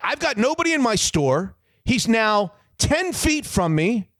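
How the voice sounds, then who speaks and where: A man in his fifties hosting a sports radio show, telling a story loudly and with lots of energy. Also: very high-pitched, measured pace, dry recording, studio quality. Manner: loud, animated storyteller. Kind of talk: casual chat and storytelling.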